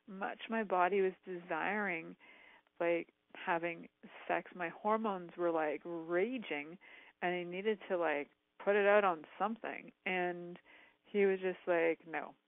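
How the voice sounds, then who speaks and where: A woman's voice: lowish voice, fairly even intonation, unhurried, dry recording. A woman host telling a personal story frankly, rambling with lots of "like" and "um". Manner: frank, rambling, heavy use of "like" and "um". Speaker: talk show host. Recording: tinny phone-line sound, dry.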